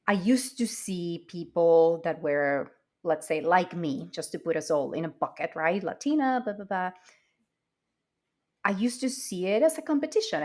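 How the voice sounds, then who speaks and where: A woman who is a podcast guest, talking reflectively and personally about her own inner work. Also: on the low side. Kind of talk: podcast interview conversation.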